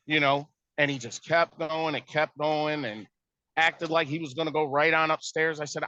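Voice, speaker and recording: A stepparent tells of a family conflict, exasperated and casual, acting out the argument through quoted dialogue. His voice is a little high, brisk, pushed and bright, captured in a dull, lo-fi, dry recording with no room sound.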